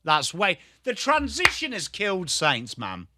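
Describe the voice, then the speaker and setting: A man's voice: sits high, wildly swooping pitch, a little slow, heavy background noise. An English man hosting a live football watchalong stream, chatting bluntly with viewers by name between calls on the play. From England. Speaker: livestream host.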